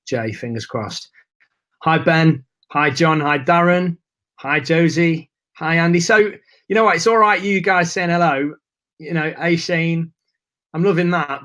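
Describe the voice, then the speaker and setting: Guy chatting on a live webinar, bit nervous, says hi to everyone by name, voice a touch high. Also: a bit bright. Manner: chatty, greeting viewers by name. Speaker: webinar host. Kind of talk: casual live webinar chat.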